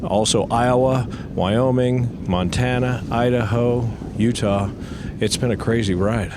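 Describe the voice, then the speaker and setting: A man's voice: medium pitch, steady tone, measured pace, noisy background. A man enthusiastically recounting a long motorcycle trip, listing the places it went. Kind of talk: casual recounting.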